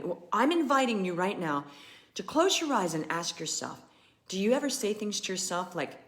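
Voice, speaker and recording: A woman in the middle pitch range, talking as a business coach on a live stream. She is animated and chatty and leans hard on key words, and she speaks straight to her viewers. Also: moderate pace.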